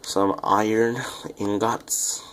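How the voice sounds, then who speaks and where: A young man with a lowish, quiet voice that seems to drift away from the microphone, chatting loosely to his viewers as he plays. He rambles, apologizes, and pokes fun at himself. Faint keyboard clicks tick along beneath him. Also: little pitch movement, very slow, slight background noise. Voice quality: low, quiet voice that sounds off-mic. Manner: rambling, self-deprecating, chatty asides to viewers. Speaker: gaming YouTuber. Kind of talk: casual Let's Play commentary.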